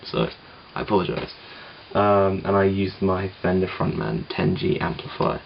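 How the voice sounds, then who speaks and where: A man's voice: sits low, animated, moderate pace, vocal fry, lo-fi sound, slight background noise. A man casually explaining how he made his song at home, rambling and self-deprecating, with lots of ums and restarts. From England. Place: home room with guitar gear.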